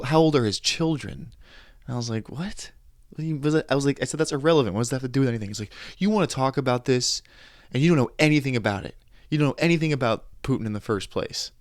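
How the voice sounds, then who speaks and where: A young adult man hosting a podcast, telling anecdotes in a casual monologue, animated, quoting others and restarting his sentences. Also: medium pitch, no echo, clean studio sound. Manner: animated storytelling, quoting others, frustrated asides, frequent restarts. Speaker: podcast host.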